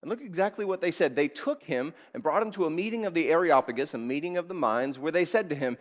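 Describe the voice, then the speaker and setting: A male pastor preaching a sermon in a lively, conversational way, asking his listeners direct questions and acting out quotes. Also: a little high, quick pace, hardly any pauses. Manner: animated preaching, acts out quotes.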